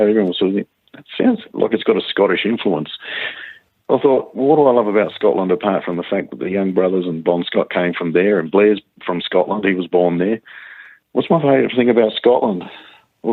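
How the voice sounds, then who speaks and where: A male guitarist chatting in an interview, halting, with many restarts and fillers. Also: lowish voice, dry recording. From Australia. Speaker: guitarist guest. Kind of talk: casual interview chat. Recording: tinny phone-like line.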